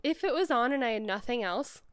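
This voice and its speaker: A woman's voice: fairly high pitch, expressive, fairly quick, crowd noise. A woman guesting on a podcast, playful and giggly in casual chat.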